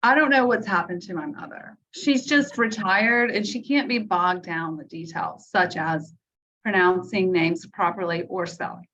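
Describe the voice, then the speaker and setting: A woman's voice: fairly low pitch, a little slow, fairly bright tone. A woman, a foundation director, chatting casually as a guest over a video call, telling stories with quoted asides. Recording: dull lo-fi call audio.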